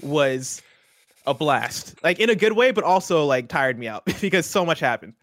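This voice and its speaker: A young man co-hosting a casual talk show, eager and excitable, asking quick questions. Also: on the high side, no room sound, clean studio sound. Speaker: podcast co-host. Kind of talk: casual chat.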